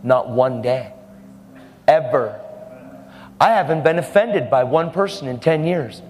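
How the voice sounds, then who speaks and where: A man's voice: mid-range voice, measured pace, darkish tone, a little hiss or hum. A man preaching a sermon boldly and emphatically, with laughing asides. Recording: hall reverb with faint music.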